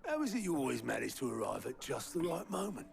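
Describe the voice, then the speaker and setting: A gruff, wry middle-aged man speaks in a gravelly voice with dry, slangy humor, pitched in an ordinary male range. Game music plays clearly behind him. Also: sing-song, quick pace. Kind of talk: video game dialogue.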